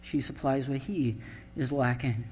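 A man's voice: medium pitch, unhurried, darkish tone, husky, in a large hall. A man preaching a sermon as pastor, conversational and humorous, reading scripture and telling stories.

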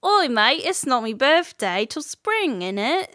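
A woman's voice: sits high, sing-song, measured pace, sharp tone, no room sound, clean studio sound, full character voice. A woman putting on a cheeky Cockney voice. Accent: Cockney (put on). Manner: exaggerated slang, sing-song.

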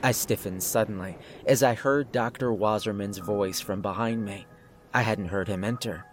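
Male horror narrator, steady and suspenseful, faint music bed. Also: on the low side, moderate pace.

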